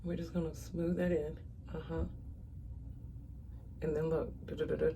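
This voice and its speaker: A woman's voice: low voice, flat delivery, moderate pace, warm tone, slight background noise. Chatty woman doing her makeup. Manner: chatty, talks straight to viewers as "y'all". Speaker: makeup vlogger. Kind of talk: casual makeup tutorial chat.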